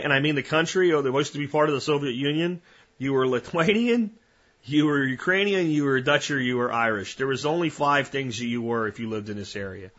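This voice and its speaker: A man's voice: medium pitch, a bit bright, dull audio. A man hosting a podcast, talking casually in a folksy, rambling storytelling way. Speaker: podcast host.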